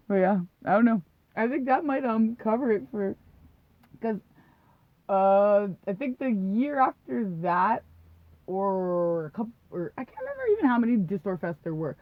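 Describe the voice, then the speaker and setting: A woman's voice: mid-range voice, sing-song, a little slow, pauses often, dry recording. Woman podcast cohost, swears a lot, rambly storyteller, dull muffled sound. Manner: rambling, profane, laughs often, acts out quotes. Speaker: podcast co-host. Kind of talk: casual storytelling chat. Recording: dull lo-fi dry recording.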